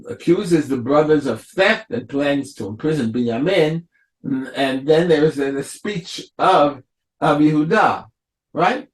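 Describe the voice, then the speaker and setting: A man, a rabbi, giving a Torah lecture, explaining slowly and acting out the quotes of biblical figures. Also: medium pitch. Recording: echoey room.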